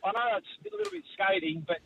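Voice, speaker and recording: A man with an Australian accent calling in to a radio show, cheeky and animated, laughing through his banter. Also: high-pitched, fast talker, narrow, tinny audio, crowd noise. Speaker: radio caller. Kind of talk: casual chat.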